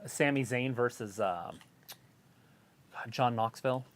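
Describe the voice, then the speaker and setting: A woman co-hosting a casual live stream, chiming in with quick, opinionated asides and stumbling restarts. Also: very deep voice. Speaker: co-host.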